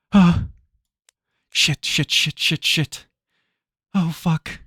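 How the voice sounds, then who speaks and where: A man streaming live, chatting casually with his viewers. He gets excited easily and swears a lot while he plays. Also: a little high, slow, long pauses, no echo, studio quality.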